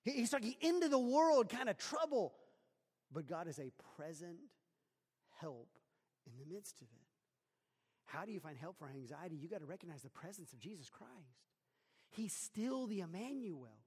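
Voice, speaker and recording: A man delivers a sermon in a high voice, dropping low and soft for scripture readings, then rising into loud, emphatic preaching. His voice carries a long reverb, as in a large church hall. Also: big pitch swings, normal speed, breathy edge. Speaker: pastor.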